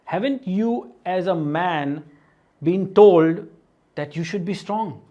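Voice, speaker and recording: Earnest man with a high voice. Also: slow pace, mellow, highs cut off. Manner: earnest, asks the viewer questions, many "right?" and "you know". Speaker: motivational video host. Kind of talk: direct-to-camera self-help talk.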